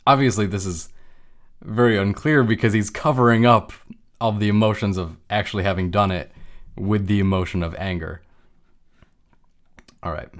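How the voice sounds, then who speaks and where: Brief: male lecturer, somewhat low pitch, relaxed conversational teaching. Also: moderate pace, long pauses. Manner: conversational, uses made-up everyday examples. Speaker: lecturer on emotions. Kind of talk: casual explanatory talk.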